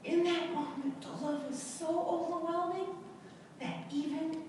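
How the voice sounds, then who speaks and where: A middle-aged woman giving a personal storytelling talk to an audience, dramatic and emphatic, with long pauses and repetition. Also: extremely high pitch, steady tone, background noise. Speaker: speaker at a self-help event. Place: large indoor event hall. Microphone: camera in the audience. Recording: echoey hall recorded from far off.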